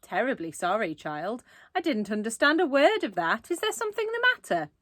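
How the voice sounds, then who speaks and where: A woman's voice: on the high side, very animated, fairly quick, fairly bright tone, no room sound, clean studio sound, voice pushed up. A woman reading aloud and voicing a creepy, falsely sweet female dentist who calls herself Mummy. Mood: sickly sweet. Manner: falsely sweet, mock-polite.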